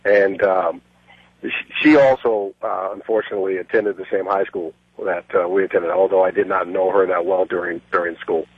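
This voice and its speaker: A man's voice: deep voice, fairly even intonation, normal speed, slightly rough, no echo. A brash, boastful middle-aged man calling in to a radio show and telling a long story. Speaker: caller. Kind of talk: phoned-in storytelling. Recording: muffled phone line.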